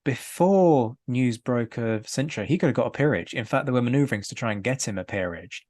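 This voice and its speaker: A man appearing as a guest in a casual history discussion, animated and wry, laughing lightly as he makes his points. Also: medium pitch, brisk.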